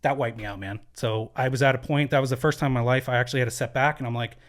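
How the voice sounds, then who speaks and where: A man talking quickly and earnestly as a studio podcast guest. His voice sits at an ordinary middle pitch, and his words tumble out in bursts full of fillers and false starts. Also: steady tone. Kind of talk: candid conversational storytelling.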